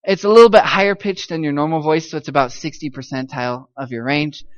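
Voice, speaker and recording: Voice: mid-range voice, fast talker, lo-fi sound. A missionary giving an upbeat church talk to a live audience, teasing them kindly and singing out syllables to demonstrate the tones.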